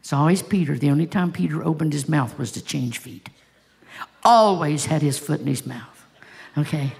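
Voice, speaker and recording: A woman's voice: sits low, normal speed, creaky, darkish tone. A woman pastor preaching a sermon, telling stories with passion and asking the congregation rhetorical questions.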